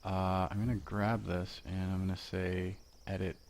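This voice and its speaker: Working from home, a man gives a casual software lesson, chatting, joking, and talking to himself along the way. His voice is deep, fairly flat in pitch, and moves at a normal speed.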